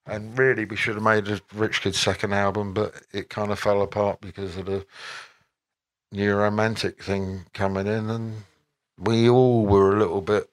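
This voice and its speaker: An older man, a musician guest at a Q&A, giving relaxed and rambling answers with wry asides and frequent self-corrections. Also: fairly low pitch, moderate pace.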